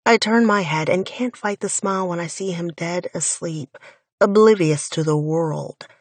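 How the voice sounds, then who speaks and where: A woman's voice: on the low side, measured pace, no room sound. A woman narrating a first-person romance audiobook in an intimate, wry inner-monologue voice, recorded close on a studio mic.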